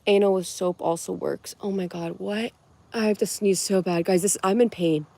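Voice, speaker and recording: A woman's voice: mid-range voice, steady tone, normal speed, vocal fry, warm tone. A young woman from Connecticut hosting a casual livestream, chatting and giggling as she answers viewers' comments. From Connecticut, USA. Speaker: livestream host.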